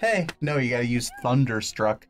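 A man's voice: mid-range voice, expressive, moderate pace, music in the background. A man co-hosting a let's play, trading laid-back jokes while playing. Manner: joking, laid-back banter. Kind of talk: casual gaming commentary.

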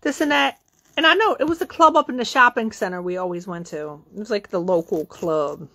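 A middle-aged woman tells a story casually and with plenty of profanity, acting out quotes with sudden leaps in pitch. She talks a little fast, with a sharp tone.

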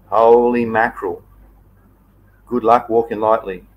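An Australian man with a fairly low voice hosts a relaxed live stream. His talk is loose and rambling, with plenty of filler and friendly asides to his viewers. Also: unhurried, lo-fi sound. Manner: chatty, easygoing, loose and rambling. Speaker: livestream host. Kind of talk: casual live chat.

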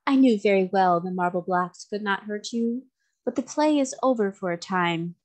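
A woman reading the lines of a wicked male sea magician in a calm, formal, menacing way. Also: medium pitch, normal speed, lightly acted.

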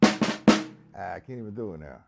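A man giving a casual live-stream drum lesson, chatting with viewers by name and counting beats out loud. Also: deep voice, expressive, a little slow, gravelly, over loud music. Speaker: drum teacher.

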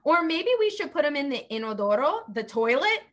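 Bright, animated woman teaching kids. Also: high voice, fairly quick. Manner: animated, playful, exclaiming and coaxing children. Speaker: children's Spanish teacher. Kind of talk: playful lesson for kids on a livestream.

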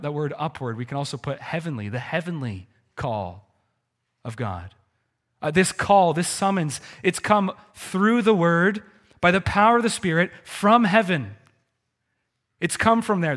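A man preaches to his congregation in a fairly high voice. His delivery is earnest and swings between loud, lifted emphasis and hushed, low passages, and he often repeats words as he builds a point. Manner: earnest preaching with wide swings in pitch and loudness; repeats words and restarts phrases. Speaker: pastor. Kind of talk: sermon.

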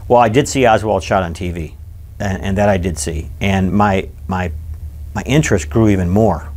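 A man's voice: deep voice, moderate pace, a little mellow. Older man telling a childhood memory. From Michigan. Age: 60s. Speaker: interviewee. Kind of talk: oral history interview.

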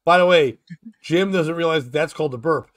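A man's voice: fairly high pitch, brisk. A man hosting a casual comedic talk show, riffing and ranting with lots of swearing. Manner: profane, riffing, rambling rants. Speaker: podcast host.

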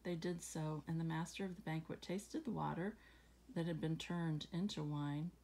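A woman reading scripture aloud at home, then musing about it casually with fillers and soft laughs. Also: low-pitched, fairly even intonation, moderate pace. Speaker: Bible reading channel host. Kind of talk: casual Bible reading and reflection.

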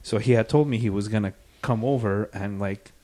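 A man co-hosting a casual podcast tells a long, rambling story. His voice sits low, and he keeps restarting sentences and filling gaps with filler words as he goes. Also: normal speed, warm tone. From Canada. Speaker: podcast co-host. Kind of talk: casual chat.

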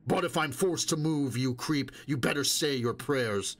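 A man's voice: mid-range voice, very animated, normal speed, a bit bright, breathy edge. A man voicing a tired, hard-edged middle-aged stalker who speaks in short, clipped lines. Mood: menacing.

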